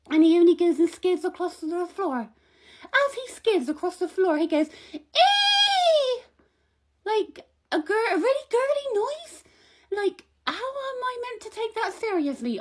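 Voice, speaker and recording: Young woman, high voice, gossipy comic rant to camera, indignant and rambling. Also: a little mellow. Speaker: comic vlogger.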